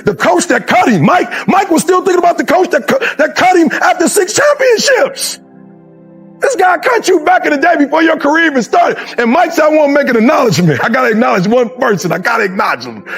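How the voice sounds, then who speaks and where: A man giving a motivational speech in a preacher's style, moving from low, quiet stretches to loud shouted peaks. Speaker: motivational speaker.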